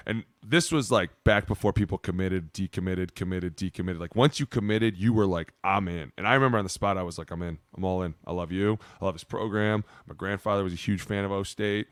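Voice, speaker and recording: A man in his thirties, a podcast co-host telling stories in a loose, profane, animated way. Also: low-pitched, quick pace, few pauses, no echo, studio quality. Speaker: podcast co-host, former player. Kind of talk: casual storytelling chat.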